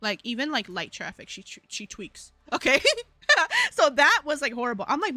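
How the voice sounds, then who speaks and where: A young woman hosting a live stream, telling a story in a slangy, animated way and laughing often. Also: sits high, moderate pace, no room sound, faint music behind. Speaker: livestream host.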